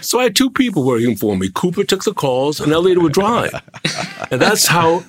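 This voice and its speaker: An older man, a guest on a talk show, telling long, animated anecdotes about his own past. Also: a little high, normal speed, no room sound, clean studio sound. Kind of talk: anecdotal storytelling.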